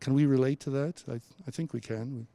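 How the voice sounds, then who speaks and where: A man's voice: medium pitch, steady tone, fast, mellow, dry recording. A man presenting a university workshop on speaking, coaching the audience with frequent restarts and stammers. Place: lecture room at a university.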